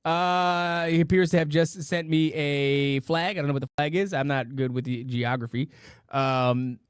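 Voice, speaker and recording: A man with a high-set voice hosts a casual live stream, playful and jokey as he reads out donations. He stumbles and restarts over the numbers. The sound is dry and close. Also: normal speed, clear, resonant tone, dry recording. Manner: playful, jokey, with repeated silly catchphrases; stammers and restarts while reading amounts. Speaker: podcast host reading out donations.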